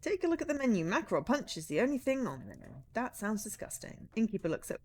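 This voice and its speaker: A woman, streaming and reading a narrative game aloud, chatty and animated with joking asides. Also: medium pitch, fast talker, few pauses, slight background noise.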